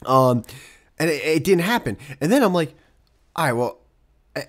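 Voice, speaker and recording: Animated young man ranting casually. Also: fairly high pitch, moderate pace, pauses often. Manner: rambling, profane, laughs often, rants with rising exasperation. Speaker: podcast host. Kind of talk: casual solo chat.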